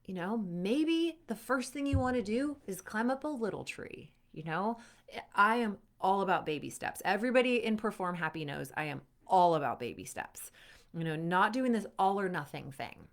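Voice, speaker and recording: A woman's voice: medium pitch, moderate pace. Upbeat woman coaching athletes. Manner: upbeat and conversational, speaking directly to the viewer; quotes an athlete's inner voice with lively put-on emotion. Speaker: sport psychology performance coach. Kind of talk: motivational coaching talk to camera.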